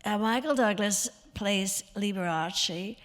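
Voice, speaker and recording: Chatty older woman with a slightly rough voice. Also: medium pitch, slow pace, fairly bright tone. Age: 80s. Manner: rambling, chatty, self-mocking. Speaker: guest of honor. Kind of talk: stage interview with anecdotes. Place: stage at an evening event.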